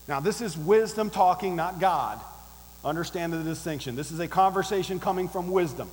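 A man's voice: high-pitched, normal speed, in a large hall, rough recording. A male pastor preaching a sermon, emphatic and direct, firing rhetorical questions at the congregation.

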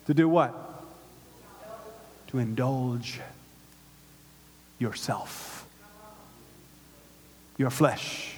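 A man preaching a sermon to his church, with call-and-response and swings from hushed to loud. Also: medium pitch, extremely slow, pauses often, breathy edge. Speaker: pastor. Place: synagogue hall used by a church. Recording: long reverb of a large hall.

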